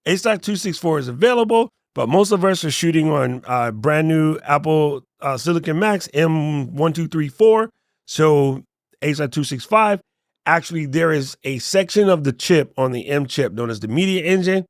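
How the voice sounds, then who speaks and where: A man hosting a casual tech tutorial, relaxed and joking, often letting his voice drop off at the ends of sentences. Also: fairly high pitch, moderate pace, no room sound, clean studio sound. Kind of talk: casual screen walkthrough tutorial.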